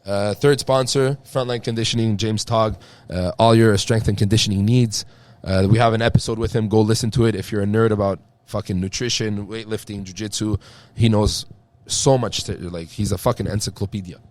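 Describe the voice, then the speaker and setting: A man hosting a podcast, chatting casually, swearing a lot and saying "bro" constantly while telling animated stories. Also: on the low side, a little fast. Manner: profane, says "bro" constantly, animated storytelling. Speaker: podcast host. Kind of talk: casual chat.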